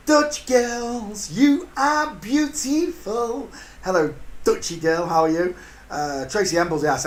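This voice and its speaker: An older man hosting a casual livestream, greeting viewers by name and sending blessings, with jokey asides. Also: a bit bright. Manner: jokey, drops into sudden high silly voices. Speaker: livestream host. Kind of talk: casual live-stream chat. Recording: echoey room with faint hiss.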